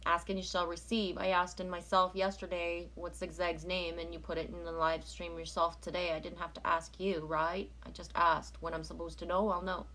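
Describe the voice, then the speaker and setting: A woman's voice: fairly low pitch, flat delivery, moderate pace, hardly any pauses, sharp tone. A woman from Canada chatting casually on a live stream, rambling as she reads out viewer comments and oracle cards.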